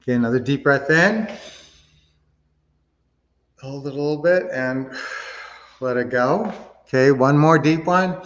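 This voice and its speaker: An upbeat middle-aged man coaches his viewers on a livestream, speaking casually and cheering them on. His voice sits at an ordinary pitch, and the stream audio sounds a little dull and lo-fi. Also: a bit bright, big-room sound. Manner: upbeat, motivational, addresses viewers directly. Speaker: livestream host, real estate coach.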